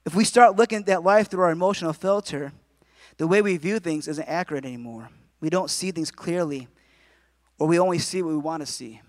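A man's voice: on the high side, brisk, no echo. A man in his forties preaching a sermon in a conversational way, with jokes and asides to the congregation. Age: 40s. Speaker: pastor.

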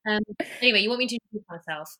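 A woman's voice: medium pitch, very fast. A woman with an English accent, an actor chatting as a podcast guest, telling stories with lots of fillers over a remote call. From England. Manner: chatty, animated storytelling with many fillers. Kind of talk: casual chat. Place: home in London.

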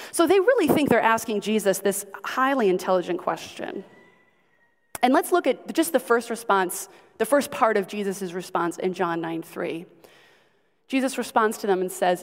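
Woman Bible teacher, mid-pitched, casual and talkative with the group, with a long hall reverb behind her voice. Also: animated, a little slow. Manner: chatty, asks the audience questions, frequent ums.

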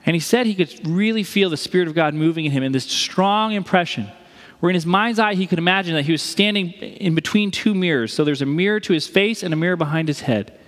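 A man's voice: sits high, quick pace, fairly bright tone, big-room sound. A male pastor delivering a conversational sermon, telling a story and acting out the voices of the people in it.

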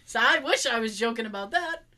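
A woman's voice: on the high side, a little fast, slight background noise. A woman chatting casually as a co-host, swearing freely and acting out quotes while she tells stories. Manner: animated storyteller who swears and acts out quotes. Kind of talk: casual chat.

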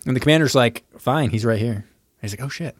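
Male podcast co-host, mid-pitched, animated movie recap, bone-dry close mic. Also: fast talker, no room sound. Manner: animated, acts out characters' lines with profanity. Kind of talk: casual chat recapping a movie.

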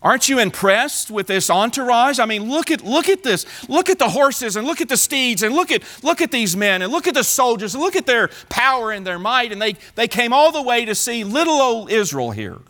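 A man preaching who voices a boastful, excited ancient king eagerly showing off his treasures, tripping over his words. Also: fairly high pitch, brisk. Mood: pleading.

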